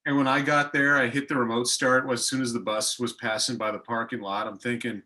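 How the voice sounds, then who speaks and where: A male podcast co-host tells stories in a lively, self-mocking way. His voice sounds bright and forceful. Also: mid-range voice, a little fast, hardly any pauses. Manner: animated anecdote-telling, self-mocking. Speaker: co-host, hockey broadcaster. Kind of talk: casual chat.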